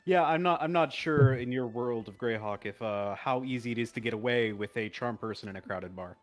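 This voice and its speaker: A man's voice: mid-range voice, brisk, faint music behind. A man playing a tabletop game, asking hesitant questions. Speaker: player.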